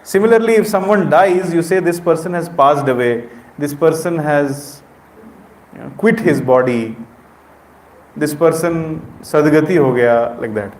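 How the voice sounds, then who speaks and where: A man's voice: fairly high pitch, a little slow, a little mellow. A middle-aged man with an Indian accent giving an interactive spiritual lecture, questioning the audience directly. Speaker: spiritual speaker. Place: temple hall with audience. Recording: echoey hall.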